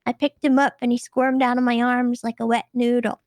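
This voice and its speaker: In an online roleplay courtroom, a high-pitched woman defends herself in in-character banter, sounding defensive yet calm as her words occasionally slip into a southern drawl. She speaks briskly. The sound is dry and close to the mic with no echo, and faint music plays behind her.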